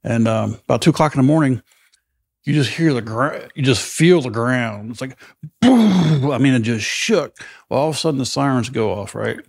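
A man's voice: mid-range voice, expressive, moderate pace, creaky, darkish tone, slightly rough, no echo, clean studio sound. A middle-aged man hosting a casual chat, telling war stories animatedly and acting out the voices of people he quotes. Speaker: podcast host.

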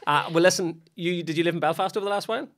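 A man's voice: sits high, fairly bright tone. A man, a broadcaster guest telling stories in a casual podcast chat and acting out his own quotes. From Northern Ireland. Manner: rapid storyteller who acts out his own quotes.

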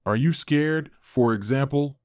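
A man voicing a teasing, blunt old village witch-healer woman with a creaky voice, in a storybook reading. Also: mid-range voice, unhurried, darkish tone, no echo, studio quality, lightly acted. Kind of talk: storybook narration.

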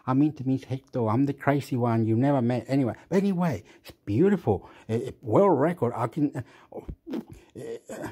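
A man, the host, talking in a rambling casual monologue, jumping between topics with fillers, laughs and sound effects. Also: darkish tone. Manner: makes sound effects like boop and boom.

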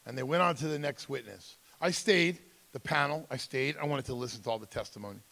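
A man's voice: medium pitch, brisk, vocal fry, pushed and bright. A man speaking at a school assembly about vaping, telling stories, acting out other people's voices and speaking straight to the students. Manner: storytelling, acts out other voices, talks to the crowd directly. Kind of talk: animated assembly talk to students. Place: school auditorium or gym.

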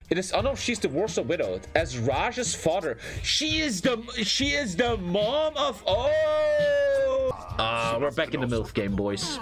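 Young man, game streamer, crude rowdy commentary, high voice, wildly swinging pitch, game music underneath. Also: big pitch swings, measured pace. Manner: swings from shouting to mumbled low asides. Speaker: streamer playing a life-simulation game. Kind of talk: loud crude gaming commentary to chat.

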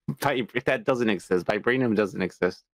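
A man co-hosting a podcast in casual banter, laid-back and quick to laugh, who slips into mocking put-on voices. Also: mid-range voice, a bit bright, a little hiss or hum. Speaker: podcast co-host.

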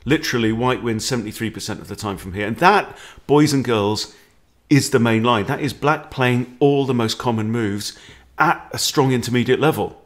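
A man's voice: medium pitch, normal speed. A man, a chess coach walking through openings in a playful, jokey way. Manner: playful, animated, jokey with exclamations. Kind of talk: chess lesson walkthrough.

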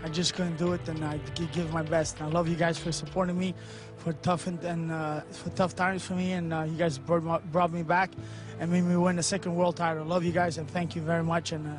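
A boxer giving an emotional, halting farewell speech to his fans. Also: fairly high pitch, flat delivery, music in the background.

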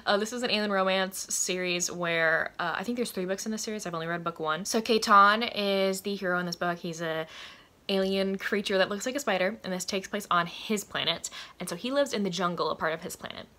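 A woman's voice: mid-range voice, fairly quick, bright, forceful tone. A woman in a casual book vlog, chatty and enthusiastic, filling her talk with "like" and often laughing. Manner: chatty and enthusiastic, many "like" fillers, frequent laughter. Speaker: book reviewer.

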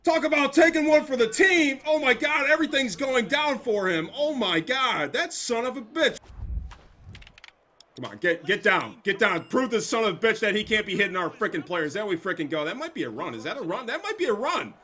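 Young male gaming streamer, high lively voice, bright and sharp, profane hype commentary. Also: fairly quick. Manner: excitable, profane trash talk. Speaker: gameplay streamer.

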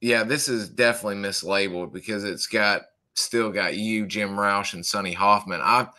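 Male interviewer, lowish pitch, tense bright tone, halting delivery. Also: steady tone. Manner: halting, many restarts and fillers. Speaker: podcast host.

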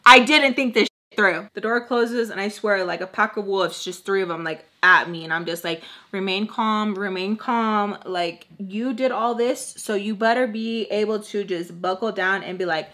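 Woman vlogger, twenties, storytime over makeup; crisp bright tone, blunt and profane, mixes in Spanish. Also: mid-range voice, normal speed, few pauses. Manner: blunt, profane, peppers speech with Spanish and fillers. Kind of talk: casual storytime while doing makeup.

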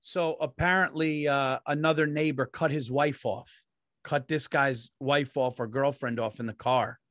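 A man co-hosting a comedy podcast, telling profane neighborhood anecdotes in relaxed, casual chat. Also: medium pitch, unhurried, dry recording, studio quality. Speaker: podcast co-host.

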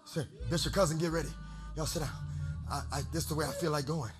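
A man's voice: a little high, fairly even intonation, quick pace, faint music behind. A man preaching a sermon as a bishop, chanting and half-singing his lines in a studio full of worshippers. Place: studio with congregation.

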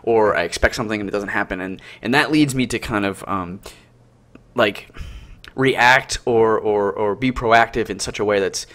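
Low-voiced man, reflective podcast talk. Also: normal speed, fairly bright tone. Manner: reflective, searching for words. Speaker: podcast co-host. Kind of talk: casual chat over a call. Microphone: voice call.

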